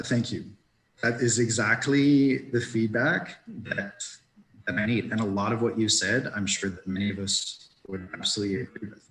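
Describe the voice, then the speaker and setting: A man chairing a meeting, reassuring and halting in his speech. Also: mid-range voice. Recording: echoey room with faint noise.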